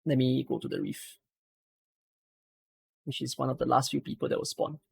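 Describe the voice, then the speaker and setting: A man's voice: mid-range voice, normal speed, vocal fry, a little mellow, husky. A man, coaching a viewer through a game strategy on a live stream and asking frequent rhetorical questions. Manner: explains patiently with many rhetorical questions.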